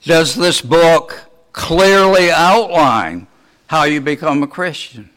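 Male preacher, slightly high voice, slow measured delivery, rhetorical questions. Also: lively intonation, fairly bright tone. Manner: asks the congregation many rhetorical questions. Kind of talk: sermon.

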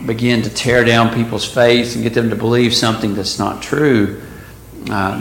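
This Bible study teacher has a lowish, gravelly voice and takes his time as he runs an informal class. He reads scripture out loud, stopping now and then to explain it, while the echoey room carries a faint hum of background noise.

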